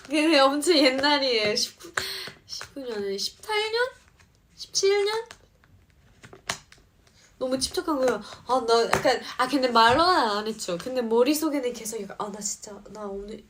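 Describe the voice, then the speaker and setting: Brief: young woman live-streamer, native English speaker, fast chatty patter, a little high, reads comments aloud on a phone. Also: lively intonation, fairly bright tone, slight background noise. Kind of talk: casual live-stream chat.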